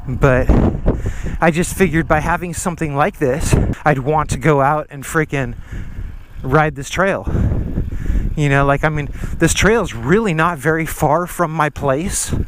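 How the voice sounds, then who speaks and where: A man's voice: on the high side, unhurried, noisy background. A man out of breath, vlogging casually while riding a trail, rambling and slangy. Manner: slangy and rambling, says dude and freaking. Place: outdoor trail.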